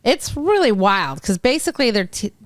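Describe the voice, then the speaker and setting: A woman's voice: a little high, big pitch swings, normal speed, dry recording. A woman co-hosting a podcast, telling stories in casual chat and laughing often. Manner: chatty storyteller, laughs often.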